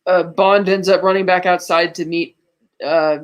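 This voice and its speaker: A woman co-hosting a podcast, recapping a film plot in casual chat and acting out quick quotes as she goes. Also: lowish voice. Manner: animated storytelling with quick acted-out quotes. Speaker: podcast co-host.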